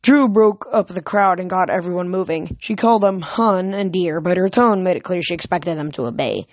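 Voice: medium pitch, moderate pace, no room sound, muffled recording. Amateur novel reader, unpolished, slips and restarts, close dry mic. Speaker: audiobook reader. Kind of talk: reading a novel aloud.

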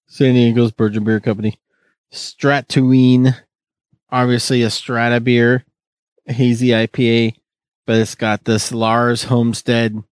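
A man's voice: on the low side, a little mellow, clean tone, no echo. Man, podcast host, casual rambling chat, dry close sound. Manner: rambling, joking, many restarts.

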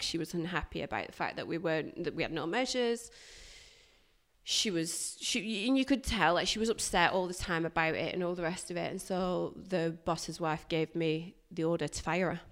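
Low-voiced woman telling her story. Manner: animated, emphatic retelling with bursts of loudness. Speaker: guest. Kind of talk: candid personal storytelling.

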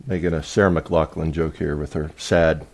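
A man co-hosting a podcast, delivering puns slowly with many hesitations. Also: very deep voice, little pitch movement. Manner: slow, hesitant with many uhs. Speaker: podcast co-host. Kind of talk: casual pun-swapping chat.

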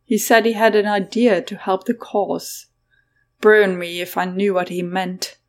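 A woman's voice: medium pitch, steady tone, measured pace, lightly acted. A woman reading the part of a blunt young woman who talks plainly and swears mildly. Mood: chatty.

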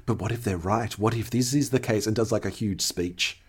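A man co-hosting a casual rewatch chat, recapping the plot in a relaxed way with brief replies. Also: on the low side, fairly quick, crowd noise. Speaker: podcast co-host.

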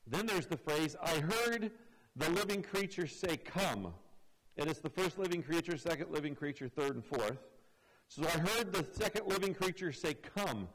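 A man with a somewhat high voice preaching a teaching sermon. He explains each point patiently and often doubles his words as he restarts a phrase. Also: animated, moderate pace, fairly bright tone, low-quality recording. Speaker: pastor.

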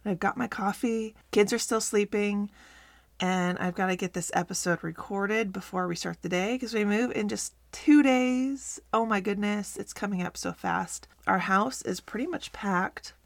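A woman in her thirties hosts a faith-based podcast for moms, speaking casually and earnestly from a closet at home. Her mid-range voice is gravelly, with a slightly scratchy morning quality, on a dry recording at a measured pace. She comes across upbeat and encouraging.

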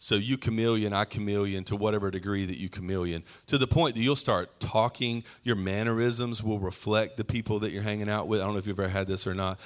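A man preaching a sermon in a relaxed, conversational way, slipping into playful acted-out asides. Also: on the low side, fast talker, hardly any pauses.

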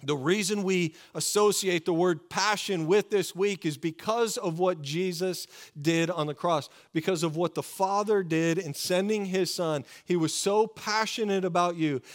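A man preaching a sermon to his congregation, earnest and fervent, slowing down to stress key words. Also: a little high. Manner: earnest, fervent preaching with slow emphatic pauses. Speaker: pastor.

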